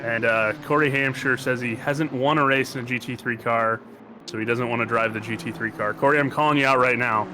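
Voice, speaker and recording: A man's voice: medium pitch, steady tone. A man with an American accent giving casual, joking commentary on a sim race. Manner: jokey, rambling, quick to banter. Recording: noisy stream audio.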